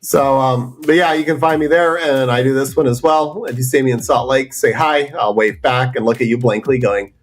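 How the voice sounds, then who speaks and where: A man's voice: mid-range voice, steady tone, normal speed, hardly any pauses. A man co-hosting a podcast while getting over a chest cold, with dry, self-mocking humour, in a hotel room. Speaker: podcast co-host.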